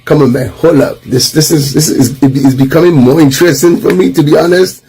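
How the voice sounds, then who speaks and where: A man from Nigeria, explaining words in an animated, amazed way. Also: on the high side, a little fast, slightly rough, rough recording. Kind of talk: casual talking-head explainer.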